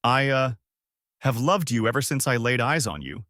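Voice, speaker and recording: A man's voice: mid-range voice, lively intonation, moderate pace, pushed and bright, dry recording, clean studio sound. A man voicing a nervous young bandit who talks hesitantly and stammers. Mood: flustered.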